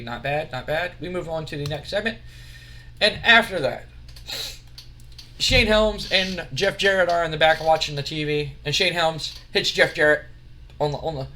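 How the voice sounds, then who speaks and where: A man's voice: fairly high pitch, sharp tone. A man casually recapping a wrestling sim game in a chatty, rambling way. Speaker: game host.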